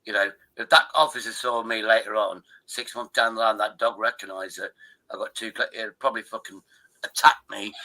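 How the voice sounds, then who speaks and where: Brief: older man in his sixties, sharp bright tone, rambling and sweary, livestream host on a call. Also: lowish voice, flat delivery, a little fast, low-quality recording. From Derbyshire, England. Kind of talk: casual chat.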